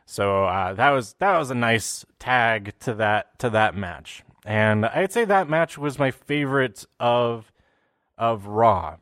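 A man's voice: medium pitch, lively intonation, slow, a bit bright, no echo. Chatty man recapping, dry close sound. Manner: rambling, with frequent fillers and restarts; puts on silly voices for quotes. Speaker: wrestling recap host. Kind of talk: casual show recap.

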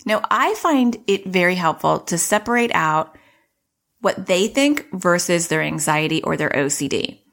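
A woman's voice: fairly low pitch, lively intonation, measured pace, vocal fry. A middle-aged woman hosting a parenting podcast, explaining things in a chatty way and acting out what kids say. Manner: warm explaining, acts out child voices. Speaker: podcast host, parenting coach. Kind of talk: casual podcast teaching.

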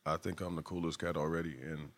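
A man's voice: very deep voice, little pitch movement, fast talker. A man in his forties, a podcast guest, talking in a laid-back, slangy way. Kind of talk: casual podcast chat.

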